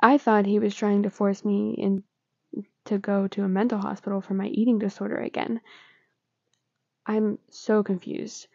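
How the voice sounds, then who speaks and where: A woman's voice: medium pitch, little pitch movement, normal speed, gravelly, long pauses, dry recording, highs cut off. A woman reading as a frightened, confused teenage boy. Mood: pleading.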